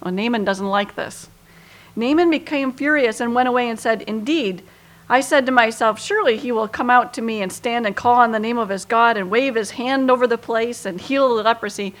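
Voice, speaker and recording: A woman's voice: fairly high pitch, brisk, a bit bright. A woman teaching a Bible passage in a conversational way, with frequent fillers and acted-out quotes. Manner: conversational, lots of you-knows, acts out quoted lines with feeling.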